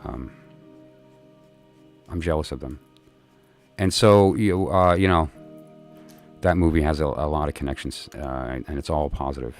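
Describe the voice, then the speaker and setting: A man with an extremely deep, low voice, chatting casually and tiredly on a livestream. He rambles, circles back, and fills his gaps with plenty of ums and uhs. A faint bed of music plays quietly behind him. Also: moderate pace, long pauses. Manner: rambling and chatty, many fillers and restarts. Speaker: livestream host chatting with viewers.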